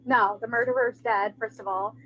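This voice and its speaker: A woman's voice: a little high, steady tone, normal speed, pushed and bright, husky, highs cut off. A woman defending herself with hesitant ums in a casual video call chat.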